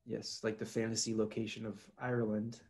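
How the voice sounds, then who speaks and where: A man's voice: on the low side, monotone, a little fast, a little mellow. A young American man chatting casually as a guest, wry and joking, his voice often trailing off. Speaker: podcast guest. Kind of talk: casual chat.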